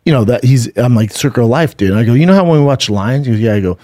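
A man's voice: mid-range voice, lively intonation, rapid-fire, dark tone, no echo. A middle-aged man, podcast co-host, chatting casually and telling a rambling story, swearing freely. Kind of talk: casual chat and live ad reads.

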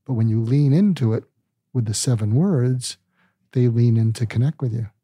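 An older male psychiatrist, calm and deliberate, explaining ideas with medical analogies in an interview. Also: mid-range voice, husky, no room sound, clean studio sound. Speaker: psychiatrist guest.

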